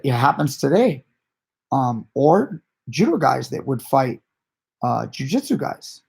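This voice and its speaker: A man with a gravelly, husky voice talking casually on a late-night live stream, answering his audience as a grappling coach. He rambles and restarts his sentences, keeping a loose, conversational flow through a home streaming mic. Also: medium pitch, darkish tone. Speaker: jiu-jitsu coach and channel host.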